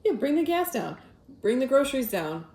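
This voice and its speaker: A woman's voice: high-pitched, very animated, normal speed, darkish tone, echoey room, a little hiss or hum. A woman from Michigan with a Midwestern accent, co-hosting a casual political podcast and tossing off sarcastic quips between laughs. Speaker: podcast co-host.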